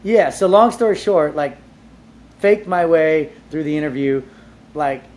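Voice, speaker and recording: A man being interviewed, telling his life story in a casual, animated way, with lots of "like" fillers and casual swearing. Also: a little high, unhurried. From Southern California. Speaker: entrepreneur guest.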